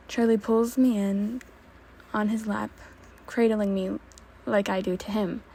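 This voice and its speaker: A woman's voice: medium pitch, steady tone, measured pace, dark tone, husky. A woman reading fanfiction aloud in a casual, unpolished way. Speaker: fanfiction reader.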